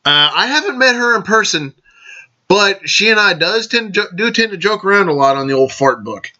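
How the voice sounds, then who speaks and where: A man's voice: high-pitched, lively intonation, a little fast, pushed and bright, dull audio. A man hosting a casual vlog, rambling along, correcting himself and raising toasts to his listeners. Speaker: podcast host.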